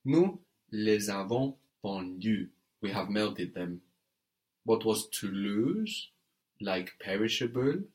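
A man teaching French one-on-one, walking his student through each sentence piece by piece. He speaks slowly and deliberately in a lowish voice, correcting gently. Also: expressive. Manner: patient, prompts and corrects step by step. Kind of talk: one-on-one language lesson.

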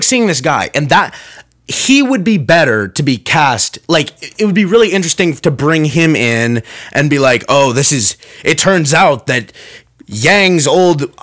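A young man hosting his own podcast, chatting casually and rambling with many restarts and asides. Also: a little high. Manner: rambling, self-interrupting, animated. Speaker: podcast host. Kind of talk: casual solo podcast rant.

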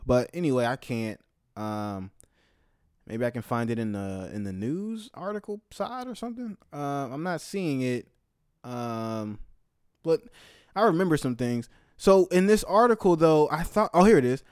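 A young man giving casual, heated commentary, profane and swinging between loud outbursts and low muttered asides. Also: lively intonation, unhurried, clear, resonant tone, dry recording, studio quality.

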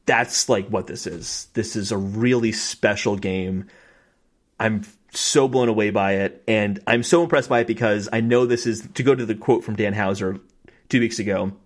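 A young man co-hosting a podcast, telling stories in an excited, fast, casual way with many fillers and acted-out quotes. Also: fairly low pitch. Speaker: podcast co-host. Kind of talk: casual chat.

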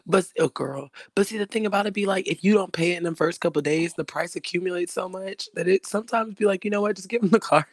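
A woman's voice: on the low side, fast talker, few pauses, dry recording, studio quality. A woman joking in laid-back casual chat.

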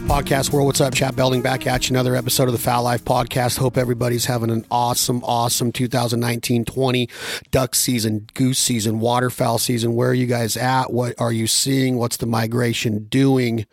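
A man's voice: mid-range voice, flat delivery, no room sound. Upbeat man hosting a podcast. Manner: upbeat, rapid-fire questions. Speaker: podcast host. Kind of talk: casual podcast interview. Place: hunting camp.

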